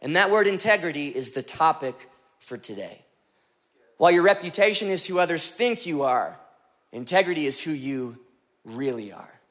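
With a slightly high voice at a moderate pace, a pastor preaches in a comedic style. He tells joking stories with animated put-on voices before getting to his point.

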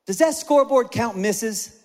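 A man's voice: extremely high pitch, expressive, unhurried, in a large hall, voice pushed up. A man voicing an emphatic male basketball coach who talks firmly, coaching a player. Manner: firm, coaching.

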